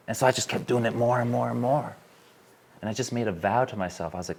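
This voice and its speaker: A man's voice: medium pitch, steady tone, quick pace, creaky, darkish tone, slightly rough. A man leading a live workshop, telling a candid personal story in an earnest way and putting questions to the people in the room. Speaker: workshop speaker. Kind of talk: live workshop talk to an audience. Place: room with a small live audience.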